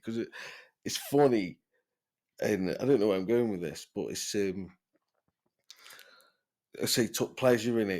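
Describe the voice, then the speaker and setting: A man's voice: fairly low pitch, a little mellow. A man telling a rambling, sweary story in casual podcast chat, often breaking into laughter. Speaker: podcast host.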